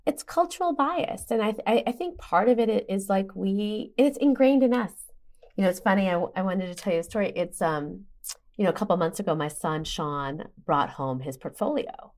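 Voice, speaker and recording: An animated woman in her forties, a podcast guest telling a personal story. She talks with quick asides and plenty of energy, her voice sitting in a middle register. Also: mid-range voice. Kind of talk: podcast conversation.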